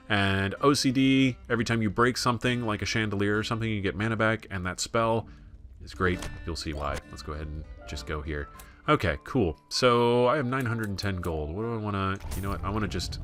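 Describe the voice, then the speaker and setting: Low-voiced rambling American gamer guy. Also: a bit bright. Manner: rambling, self-deprecating, lots of fillers. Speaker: let's play gamer. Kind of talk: casual gameplay commentary.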